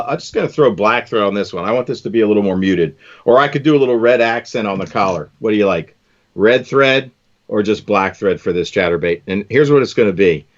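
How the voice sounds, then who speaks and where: A man's voice: mid-range voice, lively intonation, fairly quick, highs cut off. A man hosting a live stream, chatting casually and enthusiastically while tying fishing lures, often calling people "man".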